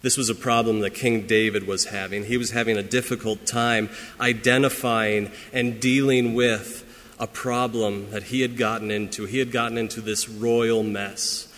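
A man preaching a sermon as pastor, earnest and emphatic, pressing some lines hard and dropping others to a hush. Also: on the low side, little pitch movement, normal speed, in a large hall.

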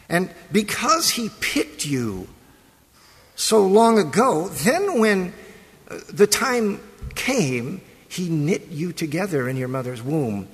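A man preaching a sermon as pastor, moving from liturgical prayer and scripture reading into a conversational talk. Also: a little high. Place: church sanctuary. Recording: long reverb of a large hall.

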